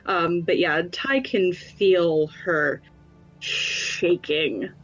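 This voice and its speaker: A woman's voice: on the low side, extremely slow, a bit bright, soft background music. A woman playing a tabletop game, narrating her character in a hesitant, emotional way. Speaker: player. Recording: dull lo-fi sound.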